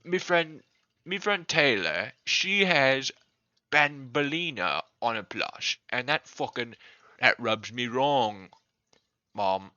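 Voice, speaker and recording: A man's voice: medium pitch, lively intonation, takes it slowly, sharp tone, no echo. A man voicing a whiny male toddler with a British accent who demands toys and swears. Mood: whiny demanding. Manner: bratty, demanding, profane. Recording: dull lo-fi recording.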